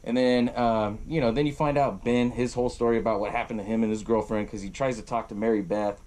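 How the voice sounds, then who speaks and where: A man hosting a podcast, recapping a film in a casual, profane, animated way and laughing often. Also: mid-range voice, fast. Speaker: podcast host.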